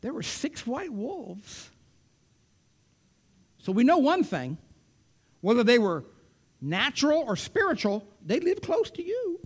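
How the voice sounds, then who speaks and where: A male preacher delivering a sermon in a high, lively voice that soars and falls. He moves between loud, emphatic declarations and sudden hushed whispers. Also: slow, pauses often.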